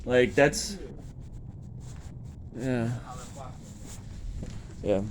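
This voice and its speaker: Man, halting and repetitive, agitated, outdoors, faint street noise. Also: mid-range voice. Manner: halting, repeats himself, grows agitated. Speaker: person seeking shelter. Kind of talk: filmed confrontation and venting. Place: outdoors at a shelter door.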